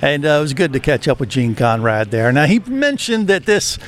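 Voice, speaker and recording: A man's voice: a little high, animated, normal speed. A man co-hosting an aviation radio show, chatting casually with fillers while interviewing at an outdoor expo. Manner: easygoing, chatty questions with fillers.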